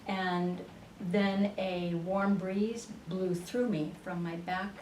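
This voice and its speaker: Woman guest, lowish voice, roomy and distant studio sound, faint hiss. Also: steady tone, a little mellow. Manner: unhurried, with frequent fillers and restarts. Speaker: interview guest, spiritual channeler. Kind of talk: storytelling in a radio interview.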